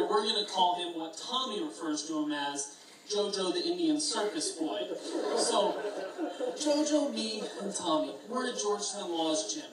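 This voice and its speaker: A man in his twenties giving a best man's toast, telling stories in a chatty way and laughing at his own jokes. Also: fairly high pitch. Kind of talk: wedding toast storytelling. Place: wedding reception hall. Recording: echoey reception hall from far off.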